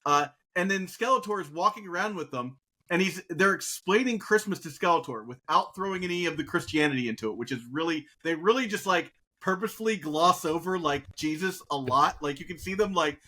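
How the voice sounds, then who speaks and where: A man co-hosting a podcast, chatting casually as an enthusiastic, animated storyteller with many fillers. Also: high-pitched, fairly quick. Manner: animated storyteller, acts out quotes. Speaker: podcast co-host. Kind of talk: casual chat.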